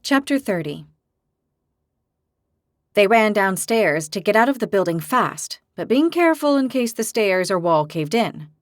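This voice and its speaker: A woman narrating a fantasy audiobook in a steady, measured reading. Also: mid-range voice, no echo, clean studio sound. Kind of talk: scripted narration.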